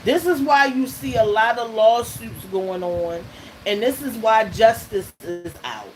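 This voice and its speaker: Over soft background music and steady noise, a woman with a fairly high voice reads tarot for her channel at an unhurried pace. She's emphatic yet loose, laughing between points and checking in with "okay?" and "all right?"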